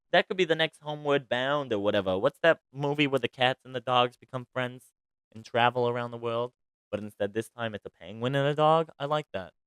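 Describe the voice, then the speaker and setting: A man hosts a casual celebrity gossip podcast, chatty and theatrical, jumping from loud exclamations to murmured asides. His voice is smooth and clear, at a middle pitch. The sound is dry and close. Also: no room sound. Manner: chatty and dramatic, swings loud and soft. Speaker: podcast host.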